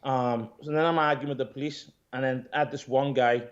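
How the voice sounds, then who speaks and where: A man, an interview guest who owns a gym, retelling events in a rambling, animated way, swearing and calling people "mate". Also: medium pitch, a little fast. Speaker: interview guest, gym owner and pro bodybuilder. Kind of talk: casual storytelling interview. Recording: dull lo-fi audio.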